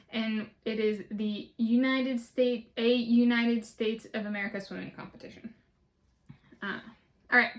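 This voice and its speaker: A woman's voice: fairly high pitch, fairly bright tone. A woman vlogger talking casually and methodically through a list, with many fillers and restarts. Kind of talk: casual spoken list walkthrough.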